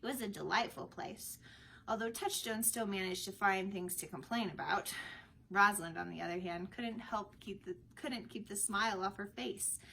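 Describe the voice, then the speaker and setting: A woman reading a story aloud in an expressive storybook manner. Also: mid-range voice, vocal fry, slight background noise, rough recording.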